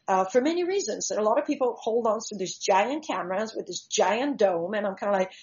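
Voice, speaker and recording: A woman's voice: mid-range voice, lively intonation, normal speed, hardly any pauses, darkish tone. A woman, a shark diver and conservationist, telling stories in an interview and acting out vivid examples as she explains. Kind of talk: conversational interview storytelling. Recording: slightly dull lo-fi recording.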